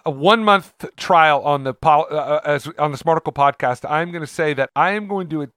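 Male podcast co-host, earnest and halting, slightly high voice, dry close sound. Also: fairly bright tone, smooth, no echo. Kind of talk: casual podcast chat.

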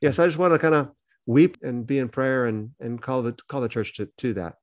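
Podcast guy talking fast and earnest, mid pitch, dry close mic. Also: darkish tone, no room sound. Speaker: podcast co-host. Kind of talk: casual podcast discussion.

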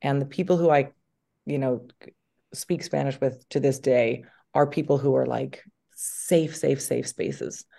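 Woman guest, 30s, gravelly voice, animated and chatty, video call. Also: very deep voice, a little slow. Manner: animated, chatty, with many fillers. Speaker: actress, guest. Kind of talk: casual interview chat.

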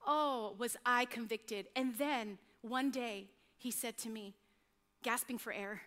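A middle-aged woman pastor preaching a sermon, telling animated, self-mocking stories about her home life. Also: fairly high pitch, takes it slowly, long reverb tail.

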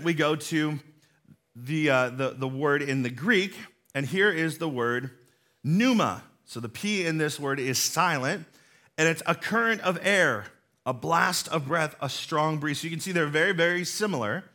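A middle-aged male pastor delivers a sermon in a bright, slightly high voice. He talks earnestly and conversationally, walking his congregation through each idea. He keeps coming back to the same points to drive them home. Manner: earnest and conversational, explaining slowly with emphatic repetition.

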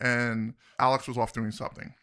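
A man's voice: mid-range voice, flat delivery, a little fast, a bit bright, clear, resonant tone. A man co-hosting a podcast, chatting eagerly about music and laughing often. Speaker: podcast co-host. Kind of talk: casual music discussion.

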